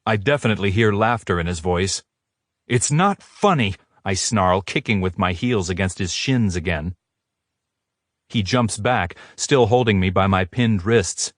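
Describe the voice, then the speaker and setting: A man narrating a romance audiobook in a measured, steady storytelling voice. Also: low voice, dry recording, clean studio sound. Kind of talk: scripted narration.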